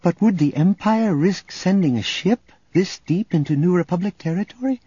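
A man's voice: high-pitched, moderate pace, breathy edge, dry recording, pitched above the performer's own voice. A man voicing an earnest grieving young woman. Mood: upset. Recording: dull audio under loud music.

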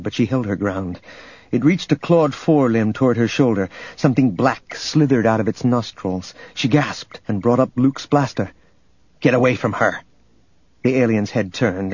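A man reading a story aloud as narrator, in a steady, measured way. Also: on the low side, husky, no room sound. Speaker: audiobook narrator. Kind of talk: scripted narration. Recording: dull lo-fi recording, faint music.

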